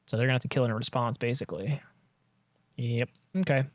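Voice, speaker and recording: A man's voice: medium pitch, quick pace, dry recording. A man giving casual commentary on his own card game match, thinking aloud and trailing off mid-sentence, on a close desk mic.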